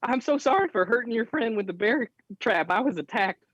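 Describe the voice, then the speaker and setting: Man playing a high eager rat familiar, yelpy, apologetic, dry dull mic. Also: animated, a little fast, fairly bright tone, dry recording, exaggerated voice. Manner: eager, apologetic, yelps often.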